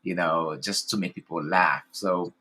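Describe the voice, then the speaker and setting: Enthusiastic male host, lowish pitch, forceful bright tone, rambling casual chat. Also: steady tone, unhurried. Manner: effusive, enthusiastic, rambling with fillers. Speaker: podcast host.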